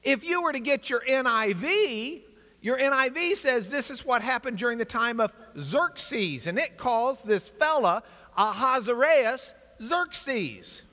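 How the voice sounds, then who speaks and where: A man with a strikingly high, bright voice leads a lively class lecture, his pitch swinging widely as he explains and jokes with the room. His words ring with the long reverb of a large hall. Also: measured pace. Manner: energetic, animated storytelling with asides to the class. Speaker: Bible class teacher.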